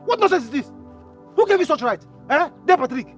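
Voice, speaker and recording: A stammering hot-tempered Nigerian brother. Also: male voice, very high-pitched, very animated, a little fast, fairly bright tone, faint music behind, full character voice. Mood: defiant. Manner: stammering, repeats words, challenging. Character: hot-tempered poor younger brother Joseph, stammering and shouting. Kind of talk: Nollywood film drama.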